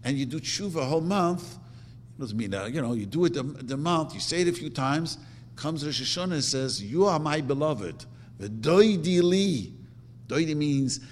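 A middle-aged man teaching a religious lesson as a rabbi, animatedly acting out quoted prayers. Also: mid-range voice. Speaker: rabbi teaching a Torah class. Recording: reverberant hall with faint hum.

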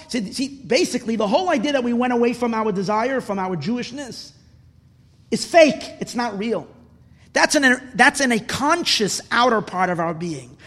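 A man preaching a passionate sermon as a rabbi, swinging from hushed, soft passages to loud, emphatic bursts and repeating words for stress. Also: extremely high pitch, expressive, normal speed. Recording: long reverb of a hall.

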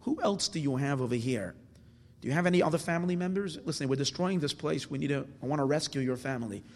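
A man's voice: on the high side, fast, a little mellow, big-room sound, a little hiss or hum. A man giving a Torah class, explaining verses and asking and answering his own questions, with Hebrew terms mixed into his English. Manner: mixes Hebrew terms into English, with restarts and fillers. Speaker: Torah teacher.

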